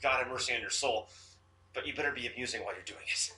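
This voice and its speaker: A man's voice: mid-range voice, fast talker, bright, forceful tone, recorded from a distance. A man co-hosting a casual podcast in a home kitchen, laughing and cracking jokes. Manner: laughing, wisecracking. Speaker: guest co-host.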